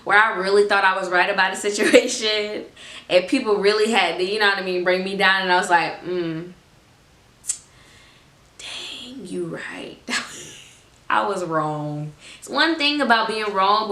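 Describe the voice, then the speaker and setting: Woman in her 20s, vlogger giving an emphatic faith-based pep talk, crisp bright tone, roomy echo. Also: mid-range voice, normal speed. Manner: emphatic, repeats phrases for effect. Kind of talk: motivational talk to camera.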